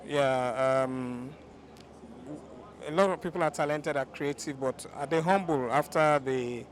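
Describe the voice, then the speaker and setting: A man giving an earnest, measured interview answer at an event. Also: medium pitch, a little hiss or hum. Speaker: interview guest.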